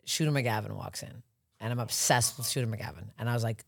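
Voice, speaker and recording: Fast-talking woman comic telling stories. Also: extremely low pitch, vocal fry. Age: 30s. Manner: rambling, excitable storytelling full of acted-out quotes. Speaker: comedian guest. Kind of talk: casual storytelling chat.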